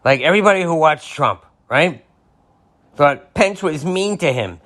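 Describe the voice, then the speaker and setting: A man's voice: on the high side, lively intonation, unhurried, fairly bright tone. A man hosting a podcast, delivering an angry, sarcastic political rant with some profanity. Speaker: podcast host.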